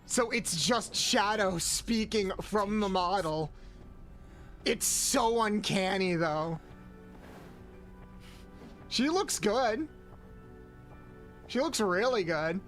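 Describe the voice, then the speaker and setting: A man's voice: sits high, animated, very slow, long pauses, fairly bright tone. Guy streaming a game, playful rambly chat w/ viewers, faint music in the back. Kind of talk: casual gameplay commentary.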